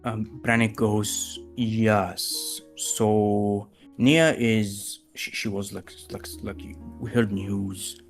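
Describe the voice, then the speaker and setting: A man with a gravelly voice narrating as game master, hesitant with many fillers. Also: on the low side, fairly even intonation, very slow, soft background music.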